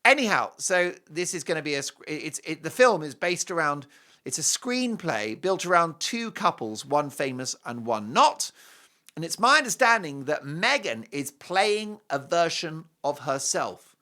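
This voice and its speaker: A man's voice: on the high side, big pitch swings, measured pace, bright, forceful tone. Sarcastic man hosting a TV show. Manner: sarcastic, mocking, emphatic. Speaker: TV show host. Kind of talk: opinionated TV commentary monologue.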